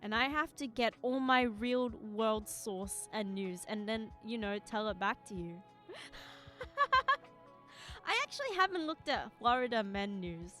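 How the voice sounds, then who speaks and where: A young-sounding woman with a bright, clear, fairly high voice chats loosely with her stream audience. She rambles from thought to thought, full of "like" and "you know", breaking into giggles. Faint music plays softly behind her. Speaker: live streamer. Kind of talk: casual chat with viewers.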